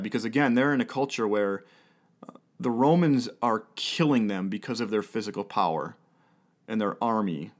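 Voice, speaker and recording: A man in his thirties preaches a sermon in a voice of middling pitch. He talks earnestly, building points through repetition and rhetorical questions, and laughs now and then. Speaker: pastor.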